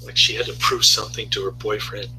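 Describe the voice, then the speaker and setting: A man's voice: fairly low pitch, flat delivery, fast talker, noisy background. A man giving a rambling, laid-back casual video review, often chuckling to himself.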